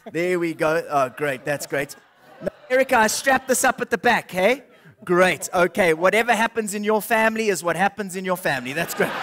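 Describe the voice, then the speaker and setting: A man's voice: sits high, fairly bright tone. A South African ventriloquist comedian chatting easily with the crowd as he brings a guest on stage. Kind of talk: live stand-up crowd work. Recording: live show with crowd and noise.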